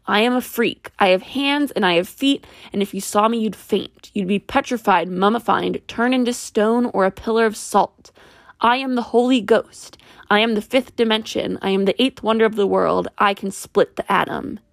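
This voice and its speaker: A woman's voice: medium pitch, normal speed, gravelly, dry recording, clean studio sound, close to an everyday voice. A woman reading as a boastful talking mongoose spirit. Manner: grandiose and mischievous, read as a quote.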